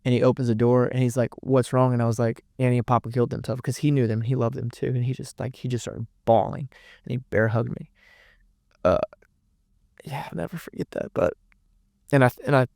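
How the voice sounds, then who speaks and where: A man's voice: mid-range voice, little pitch movement, quick pace, creaky, darkish tone, no echo, studio quality. A young man, telling a painful family story as a podcast guest in a rambling, emotional way, with many restarts and curse words. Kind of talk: candid personal storytelling.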